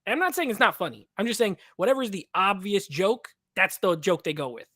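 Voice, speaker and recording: A man's voice: high-pitched, lively intonation, fairly quick, a bit bright, no room sound, studio quality. Chatty man rambling about movies. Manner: rambling, heavy use of "like". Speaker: podcast co-host. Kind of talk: casual movie review chat. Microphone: video call.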